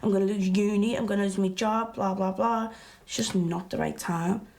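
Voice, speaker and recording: Close to an everyday voice, this woman speaks at medium pitch with fairly even intonation and normal speed, her tone darkish, with a little hiss or hum in the background. She's an actress portraying a young adult interviewee, blunt and strong-willed, chatting colloquially about her past for a verbatim theatre film.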